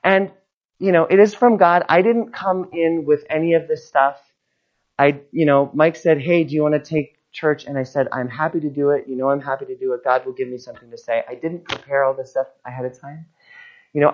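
A guest preacher with a mid-range voice delivers an informal sermon framed as a personal story, animated and acting out the people in it. The recording is dull and lo-fi.

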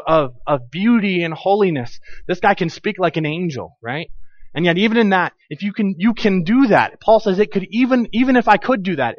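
Pastor, male, high voice, animated conversational sermon; dry, slightly dull recording. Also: no echo. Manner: animated, conversational preaching with acted-out asides.

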